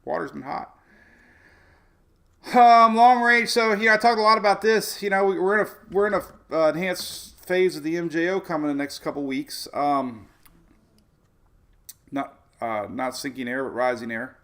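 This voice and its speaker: A man's voice: on the high side, normal speed, fairly bright tone. A man hosting a casual weather livestream, walking through maps and rambling off topic in a chatty way. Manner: talks over weather maps on screen. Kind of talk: casual tropical weather briefing.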